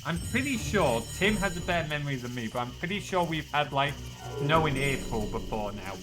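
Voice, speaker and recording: A man's voice: fairly high pitch, animated, brisk. Giggly Yorkshire man streaming a game. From northern England. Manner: chatty, giggly, self-deprecating. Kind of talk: casual live-stream chat while gaming. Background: game music.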